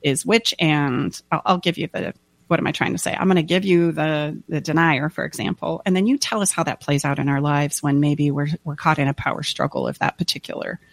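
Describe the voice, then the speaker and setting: A woman's voice: deep voice, a little fast, vocal fry, no echo. Heartfelt woman coach, dry sound. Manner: heartfelt, acts out quotes with lively voices. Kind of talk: casual podcast conversation.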